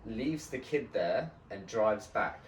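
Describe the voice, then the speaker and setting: Brief: low-pitched male podcast storyteller, animated and sweary, recorded off-mic in a roomy space. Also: takes it slowly, recorded from a distance, a little hiss or hum. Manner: animated, swears often, acts out the people in his story. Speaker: podcast host. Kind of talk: casual storytelling.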